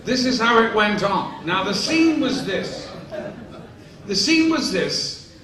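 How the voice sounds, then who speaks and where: A man's voice: high voice, big pitch swings, takes it slowly. A man in his sixties telling rambling, amused anecdotes to a live convention audience, acting out the quotes. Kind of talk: live Q&A storytelling. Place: large convention hall. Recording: echoey hall, distant mic, faint noise.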